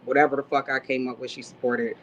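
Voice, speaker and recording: A woman's voice: extremely low pitch, flat delivery, quick pace, muffled recording, a little hiss or hum. A woman on a livestream talk show, giving blunt, profane advice in a preachy way.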